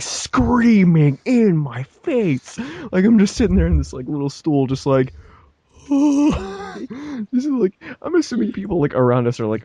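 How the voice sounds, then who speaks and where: A man's voice: sits high, a little slow, breathy edge, no echo. A young man on a podcast, telling a story casually and laughing as he acts out the people in it. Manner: animated, laughs mid-story, acts out voices. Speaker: podcast co-host.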